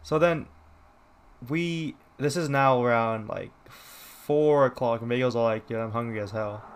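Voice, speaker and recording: A young man chatting casually on a podcast and telling a story in a loose, rambling way. His pitch sits in the middle, and he keeps acting out what other people said. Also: a little slow, smooth. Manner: rambling, lots of "like", quoting others. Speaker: podcast co-host.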